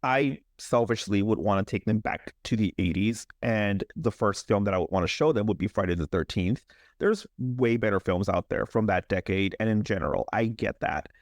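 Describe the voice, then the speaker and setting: A young man co-hosting a horror podcast, recapping a movie in a casual, animated way, joking and laughing. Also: fairly low pitch, normal speed, dry recording, studio quality. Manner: animated storyteller, jokes and laughs. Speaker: podcast co-host.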